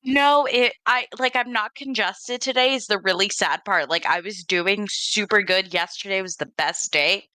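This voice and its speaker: Woman with a sore throat, husky and bright, dry close mic, reads viewer questions aloud. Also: mid-range voice, normal speed, few pauses, dry recording. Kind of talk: casual livestream chat.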